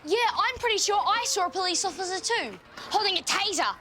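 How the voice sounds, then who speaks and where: A woman's voice: extremely high pitch, animated, fairly quick, sharp tone, slight background noise, full character voice. A woman voicing a bossy schoolchild who plays detective in a mock-serious, dramatic way. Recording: music playing underneath.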